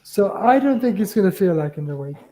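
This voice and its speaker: Uk podcast guy, warm and earnest, walks through it step by step. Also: high voice, sing-song, quick pace. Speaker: podcast co-host. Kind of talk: casual podcast chat.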